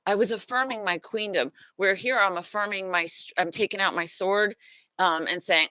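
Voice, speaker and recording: Earnest woman teaching, bright dry voice. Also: medium pitch, normal speed, smooth, no echo. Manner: earnest, searching, stops to apologize and regroup. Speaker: host, emotional healing teacher. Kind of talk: unscripted teaching monologue.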